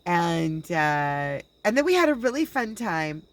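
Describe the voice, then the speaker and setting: Rambling low-voiced woman talking to camera. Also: big pitch swings, low-quality recording. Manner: rambling, halting, with many restarts and quoted dialogue. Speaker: spiritual channeler and video blogger. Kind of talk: casual personal monologue.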